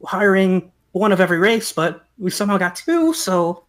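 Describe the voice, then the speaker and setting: A woman voicing a nervous, scheming gnome pirate captain who stammers and flatters. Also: medium pitch, normal speed, natural voice.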